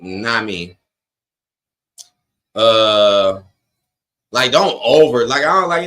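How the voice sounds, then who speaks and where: A man's voice: lowish voice, pushed and bright. A man hosting a live watch-along stream, chatting casually and reading out viewer comments. He talks in blunt, slangy, opinionated bursts, straight to his chat.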